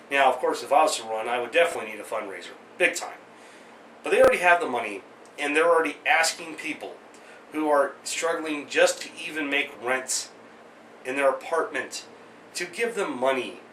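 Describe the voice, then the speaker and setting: A man in his late thirties ranting through his weekly commentary with sarcastic, exasperated jabs and jokey asides. His voice is bright and forward. It bounces around a small echoey room, picked up from a little way off the mic. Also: medium pitch, recorded from a distance, a little hiss or hum. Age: 30s. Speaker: vlog host.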